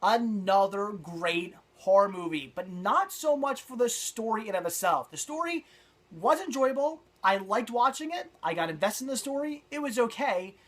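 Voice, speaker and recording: A man's voice: high-pitched, lively intonation, moderate pace, a bit bright. A man giving a casual, enthusiastic movie review, talking off the cuff with frequent restarts and repeated praise.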